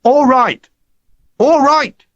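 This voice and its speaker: Brief: boisterous schoolboy leader, man reading, high and pushy, animated delivery. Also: moderate pace, no echo, dull audio. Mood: rallying. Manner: loud, urgent, pleading.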